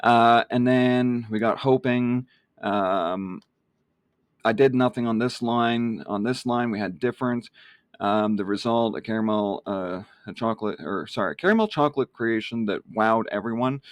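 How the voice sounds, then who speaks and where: A man's voice: mid-range voice, no room sound, clean studio sound. A man explaining his email marketing in a casual walkthrough, with many fillers and a rambling manner. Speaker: online marketing vlogger.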